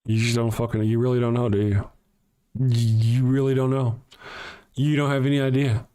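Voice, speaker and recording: A man's voice: mid-range voice, little pitch movement, moderate pace, warm tone, smooth. A man hosting a livestream alone, reading chat comments aloud and answering them in a blunt, sarcastic, profane rant.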